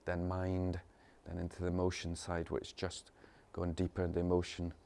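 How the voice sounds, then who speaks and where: A man teaching meditation in a casual, rambling way, repeating phrases, chuckling often and mimicking people in sudden high voices. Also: monotone, a little fast, vocal fry, dark tone. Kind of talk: informal spiritual talk.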